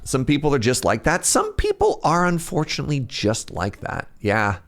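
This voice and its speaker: A man's voice: medium pitch, wildly swooping pitch, moderate pace, gravelly, a bit bright. A young adult man casually live-streaming a game, chatting with his viewers, reading out their names and laughing often. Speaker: streamer playing an incremental game. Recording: faint game music underneath.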